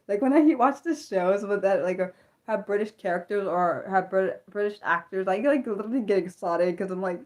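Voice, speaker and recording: A woman's voice: lowish voice, fairly quick, darkish tone. A woman from Maryland with a Maryland American accent, hosting a casual unscripted livestream and rambling along with many fillers and restarts. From Maryland, USA. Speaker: livestream host.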